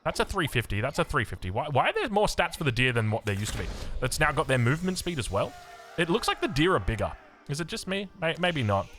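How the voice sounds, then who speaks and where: Australian man, young adult, esports caster, chatty, quick delivery, bouncy pitch. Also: a little hiss or hum. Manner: chatty, rambling asides, lively swings in pitch. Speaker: game caster. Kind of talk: energetic esports commentary.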